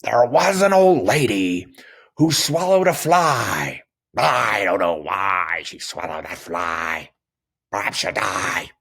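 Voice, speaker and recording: A man voicing a gruff adult male pirate who recites a children's rhyme in a gravelly voice. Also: lowish voice, expressive, slow pace, fairly bright tone, heavily acted.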